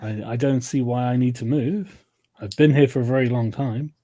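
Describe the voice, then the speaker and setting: A very old, frail blind hermit, put on by a man running a tabletop game, drawling each word slowly and unbothered. The tone is soft and mellow, a little husky, and never rushed. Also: medium pitch, close to an everyday voice. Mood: unhurried. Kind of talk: tabletop game role-play.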